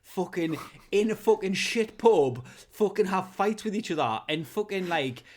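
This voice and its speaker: A man's voice: high voice, lively intonation, moderate pace, a little mellow. Sweary rambling man. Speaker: podcast co-host. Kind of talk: casual comedic chat.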